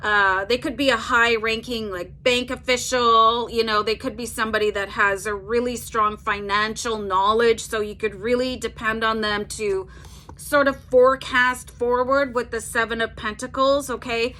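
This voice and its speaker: Bright-voiced chatty woman tarot reader. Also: on the high side, steady tone, moderate pace. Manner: chatty, fills with "like", tags "okay?" on sentences. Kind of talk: casual tarot reading to camera.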